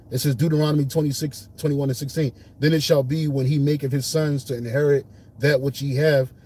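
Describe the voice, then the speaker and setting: A man's voice: mid-range voice, breathy edge. A man leading an informal Bible study, reading verses and explaining them in casual, streetwise speech. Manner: casual streetwise speech, lively when retelling scenes. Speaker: Bible teacher.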